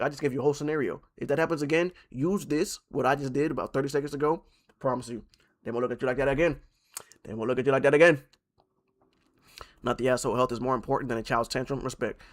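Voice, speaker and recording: A young man streaming and reacting to online posts. He swings from loud outbursts to low mutters and restarts his sentences often. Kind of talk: live-stream reaction commentary.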